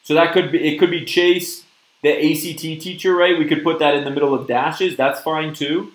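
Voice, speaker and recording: A man's voice: a little high, fairly even intonation, normal speed, reverberant, low-quality recording. A man teaching a live-streamed test prep lesson, upbeat and often checking in with "okay?" and "right?". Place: virtual classroom stream.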